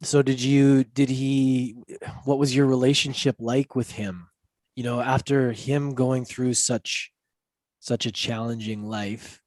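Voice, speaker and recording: Slow, halting male podcast host. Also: medium pitch, darkish tone, dry recording. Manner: halting, reactive, restarts his questions. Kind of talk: interview questions.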